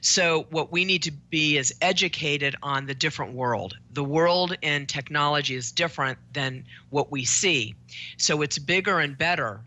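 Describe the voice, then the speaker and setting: A woman's voice: low voice, normal speed, sharp tone. A woman psychotherapist, a guest on a talk show, explaining in an earnest way with frequent restarts.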